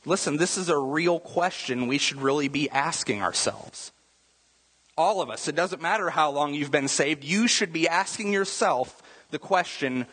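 A man's voice: fairly high pitch, moderate pace, fairly bright tone, breathy edge, big-room sound, rough recording. A man preaching a sermon, talking in a conversational way and often checking in with the listeners by asking "right?". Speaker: pastor.

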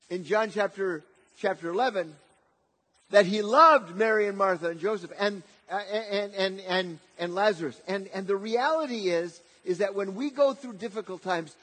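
A man preaching a sermon, often repeating words and swinging between loud emphatic lines and quiet, soft passages. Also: high-pitched, slightly rough.

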